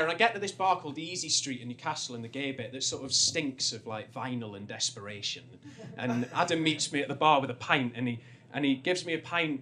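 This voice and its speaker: A man's voice: medium pitch, pushed and bright. A young man from North East England telling a funny personal story on stage, rambling and self-deprecating, with many restarts.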